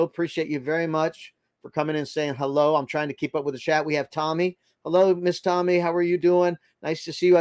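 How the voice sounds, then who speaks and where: A man's voice: mid-range voice, no room sound. Older man chatting on a dry livestream. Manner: rambling, chatty, reads viewer comments aloud. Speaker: livestream host reading chat. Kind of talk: casual livestream chat.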